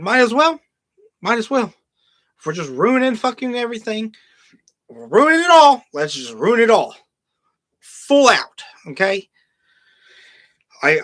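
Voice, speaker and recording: A man's voice: a little high, a bit bright, no room sound. A man hosting a podcast, ranting in casual, heavily profane commentary, now and then mocking film lines in a put-on voice. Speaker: podcast host.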